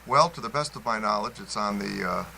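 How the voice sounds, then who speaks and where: A man's voice: on the low side, a little fast, creaky, bright, forceful tone, a little hiss or hum, poor audio. A man co-hosting a casual podcast, easygoing and a little unsure of details. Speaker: podcast co-host.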